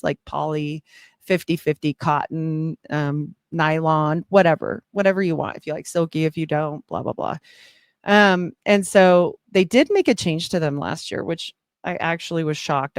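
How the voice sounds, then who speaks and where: A woman's voice: deep voice, no room sound, clean studio sound. A middle-aged woman giving a candid personal testimony in a chatty storytelling way, full of fillers. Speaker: guest sharing testimony.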